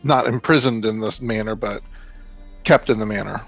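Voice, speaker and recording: A man's voice: on the low side, fairly even intonation, normal speed, vocal fry, fairly bright tone, faint music behind, rough recording. A man in an online tabletop game, earnestly laying out a plan for the group. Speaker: player. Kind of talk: casual tabletop role-play over voice chat.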